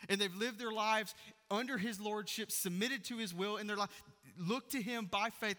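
A man, preaching a sermon in a church and swinging from loud proclaiming to hushed near-whispers. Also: high voice, normal speed, in a large hall. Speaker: pastor.

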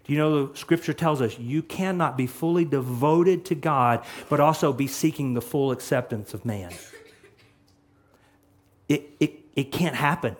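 A man preaching a sermon as a pastor, emphatic, swinging between loud passages and quiet ones. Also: medium pitch, measured pace.

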